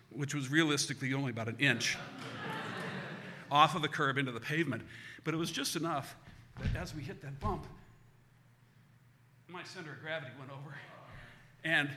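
Bright-voiced man telling a story. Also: medium pitch. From United States. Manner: animated, self-mocking. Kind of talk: live comic storytelling. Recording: hall reverb with faint hiss.

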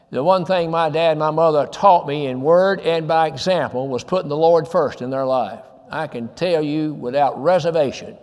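A man preaching, his voice sitting a little high for a man. He talks earnestly and presses his listeners with rhetorical questions between lines of scripture. The sound rings with the long reverb of a church hall. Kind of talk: sermon.

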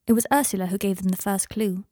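A woman narrates a fan fiction audiobook in a measured, even voice. Her pitch sits mid-range. The recording is dry and close with no room sound. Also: no room sound.

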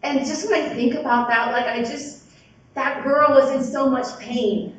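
A woman's voice: high-pitched, steady tone, unhurried, a bit bright, slight background noise. A woman sponsor giving a personal recovery testimony at a meeting, talking casually and rambling with many fillers. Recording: very echoey hall, voice from far off, dull sound.

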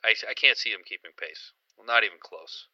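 A man co-hosting a sports podcast, talking in a rambling, excited way with lots of fillers. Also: fairly low pitch, fairly quick, no echo, lo-fi sound. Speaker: podcast co-host. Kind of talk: casual sports chat.

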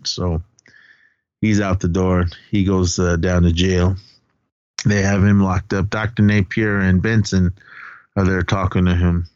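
Male podcast co-host, low voice, casual film recap, dry lo-fi mic. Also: little pitch movement, moderate pace, long pauses, darkish tone, dry recording. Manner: retells scenes loosely, acting out lines, laughs often. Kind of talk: casual movie recap chat.

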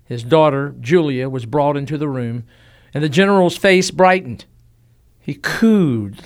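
A male narrator telling a historical story with solemn weight. He speaks at a middle pitch and lets phrases hang in measured pauses. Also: lively intonation.

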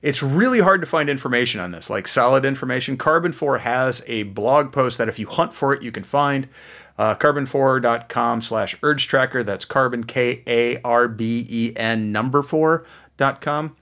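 A man's voice: medium pitch, fairly bright tone. Casting: man co-hosting a beer chat, talks his way through explanations, many ums and restarts. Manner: explanatory, halting with fillers and restarts. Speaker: beer podcast co-host. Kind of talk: casual chat.

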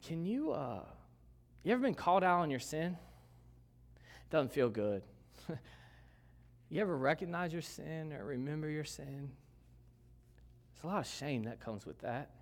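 A middle-aged pastor preaching a sermon in a church, conversational and joking, with asides to the congregation. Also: male voice, fairly high pitch, very animated, unhurried, vocal fry, pauses often.

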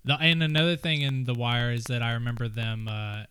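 A man's voice: medium pitch, little pitch movement, brisk, fairly bright tone, smooth. A man co-hosting a podcast who chats casually and rambles, joking and acting out silly voices. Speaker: podcast co-host.

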